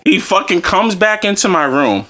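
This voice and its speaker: A man co-hosting a casual podcast, telling a story among friends with heavy profanity, frequent laughter and animated ranting. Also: sits high, normal speed, background noise. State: tipsy.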